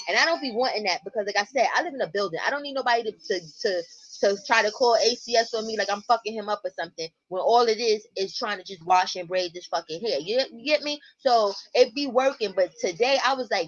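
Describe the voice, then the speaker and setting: Profane, animated New woman. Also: fairly high pitch, fast talker. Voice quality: blunt, profane, animated storyteller. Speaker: livestream host and mother. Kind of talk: casual livestream chat to viewers. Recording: muffled lo-fi stream audio.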